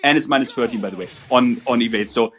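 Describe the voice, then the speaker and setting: A man's voice: medium pitch, fast talker, fairly bright tone. A man chatting casually as a guest, rambling with many fillers and swearing when he gets heated. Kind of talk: casual chat.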